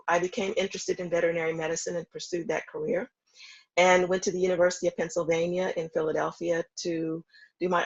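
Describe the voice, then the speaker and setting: A woman in her fifties with a low, gravelly voice, recounting her path in a measured, reflective way. She speaks over a dull, lo-fi call connection. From Houston, Texas. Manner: measured, reflective storytelling with frequent ums. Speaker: interview guest, foundation founder. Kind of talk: remote interview, storytelling.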